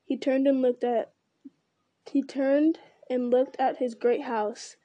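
Read-aloud narrator, female, steady and earnest, slightly higher voice. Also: slow, no echo. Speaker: reader.

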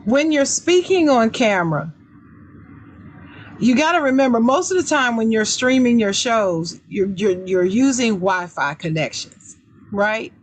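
A woman hosting a podcast, giving advice in a casual chat with a deliberately raised, emphatic voice that repeats key words. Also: on the high side, lively intonation. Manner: deliberately raised, loud speaking voice. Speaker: podcast host.

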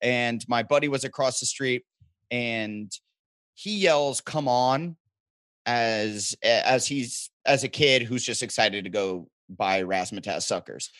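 Midwest guy guest, animated joker, mid-pitched voice, dry close sound. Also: no echo. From American Midwest. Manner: animated storyteller, joking, quick asides. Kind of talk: casual chat.

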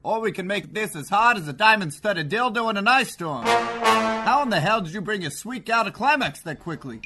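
An actor playing a hot-headed, tough-talking police detective in a comedy sketch ad, blustering and yelling threats. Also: male voice, high-pitched, animated, normal speed, over music.

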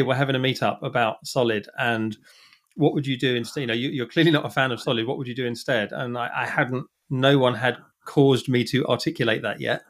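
A man talking casually as a podcast guest, chatty and self-deprecating, often restarting his sentences. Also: medium pitch. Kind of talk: casual conversation.

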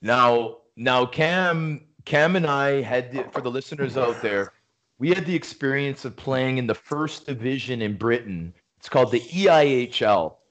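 A man's voice: mid-range voice, unhurried, a bit bright. A man hosting a casual interview podcast, a former hockey player who asks long questions full of fillers.

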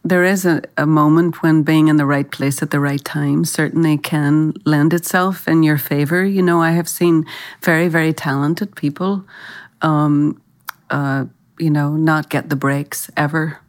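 A woman's voice: sits low, steady tone, measured pace. An Irish woman, an actress, telling career anecdotes in a thoughtful interview, often restarting her sentences. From Ireland. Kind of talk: reflective interview storytelling.

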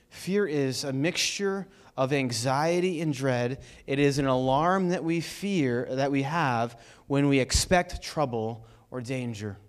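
Male pastor, slightly high voice, animated chatty sermon delivery. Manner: energetic, conversational preaching with rhetorical questions.

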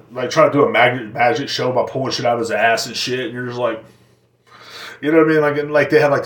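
A man's voice: medium pitch, fairly bright tone, echoey room. Crude ranting male podcast host. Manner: crude, rambling, profane. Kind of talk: comedic rant.

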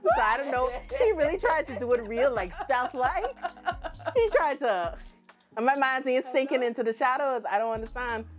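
A woman's voice: high voice, animated, moderate pace, faint music behind. A woman with a Bahamian accent hosting a casual podcast chat, teasing and playful with her friends. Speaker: podcast host.

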